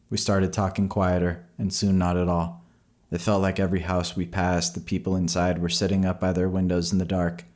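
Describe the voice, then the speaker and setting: A man narrating a horror story in a slow, measured storytelling voice. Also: low voice, a little mellow.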